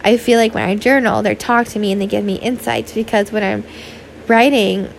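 A woman's voice: mid-range voice, steady tone, a little fast, creaky, a little hiss or hum. A young woman hosting a casual solo podcast, talking in a chatty, candid way full of "like" and the odd swear, tired and yawning. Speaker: podcast host.

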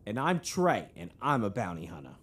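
A man's voice: on the low side, sing-song, noisy background. A man doing an exasperated bounty hunter sidekick. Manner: quick, questioning, exasperated. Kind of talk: comedic podcast promo.

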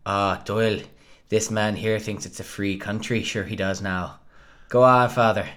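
A man's voice: fairly low pitch, fairly even intonation, a little slow, fairly bright tone. A man voicing a blustering, mocking Irish gangster in an exaggerated put-on Irish accent. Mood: taunting. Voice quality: broad, exaggerated brogue.

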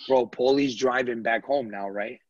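A man hosting a casual podcast, telling a story excitedly with lots of slang. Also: mid-range voice, moderate pace, dry recording, muffled recording. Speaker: podcast host.

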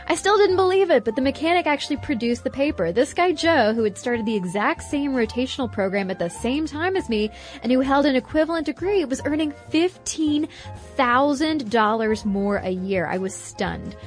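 A woman podcast co-host reading a listener letter aloud, with lively jumps in her delivery. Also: moderate pace, faint music behind. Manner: expressive reading with animated pitch jumps. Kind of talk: reading listener mail and ads.

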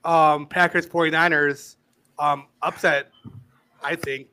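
Bright, slightly high male co-host, relaxed and hesitant sports chatter. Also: slow pace. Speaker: podcast co-host. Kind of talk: casual sports chat.

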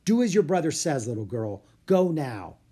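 A reader voicing a proud, moody middle-aged male genius in a storybook, with a dramatic, forceful delivery. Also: mid-range voice, big pitch swings, normal speed, slightly rough. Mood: anguished. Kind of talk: audiobook character voice.

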